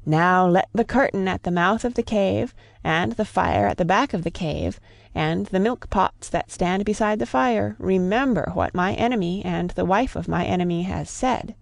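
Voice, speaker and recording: Sly solitary male cat for a storybook read, played lightly by a woman, coaxing, with a gravelly edge and a dry, close sound. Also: lowish voice, moderate pace, no room sound. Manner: coaxing, scheming storybook speech.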